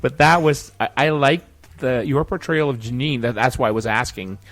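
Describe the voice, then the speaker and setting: Hesitant Dutch-native podcast host. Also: male voice, mid-range voice, normal speed, fairly bright tone. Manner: hesitant questioner, many fillers and restarts. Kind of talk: casual interview chat.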